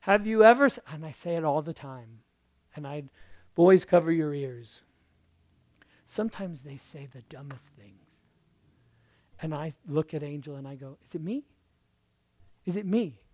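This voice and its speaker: A hoarse male pastor preaching a sermon, firing off runs of rhetorical questions and swinging from hushed murmurs to loud emphatic bursts. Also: on the high side, moderate pace, pauses often, no echo.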